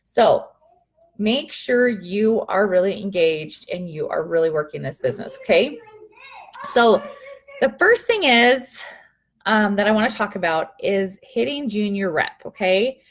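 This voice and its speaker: A woman's voice: mid-range voice, sing-song, a little slow. A young adult woman giving a casual live-stream coaching talk to her sales team, upbeat and chatty, often laughing and greeting viewers by name.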